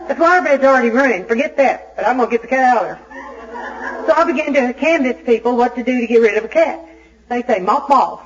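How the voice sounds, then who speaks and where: A woman from Arkansas gives a recovery meeting talk as an Al-Anon speaker, telling her story in an animated, self-mocking way. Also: a little high. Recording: dull lo-fi tape recording.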